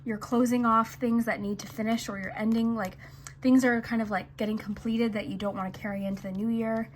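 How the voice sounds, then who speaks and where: A woman doing a relaxed tarot reading straight to camera, her voice sitting a little high. She talks in a chatty, reassuring flow full of little fillers. A faint hiss runs under the recording. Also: a little fast. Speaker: tarot reader. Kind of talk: casual intuitive reading to camera.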